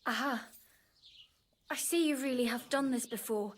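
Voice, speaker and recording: A woman's voice: on the high side, moderate pace, natural voice. A woman voicing an anxious peasant wife who pleads earnestly and guards what she owns. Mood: pleading.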